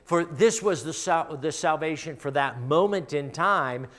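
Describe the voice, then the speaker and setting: A middle-aged man with a Midwestern American accent preaching a sermon in a church, telling stories in a conversational way and dropping to a hush for personal moments. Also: a little high, unhurried. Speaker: pastor. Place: church sanctuary.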